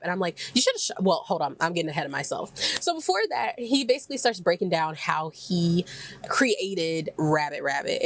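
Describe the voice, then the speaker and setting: Young woman rambling thru a show recap, lots of likes, kinda low voice, does the characters' lines. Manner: chatty, filler-heavy, acts out characters' lines. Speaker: recap vlogger. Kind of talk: casual recap chat.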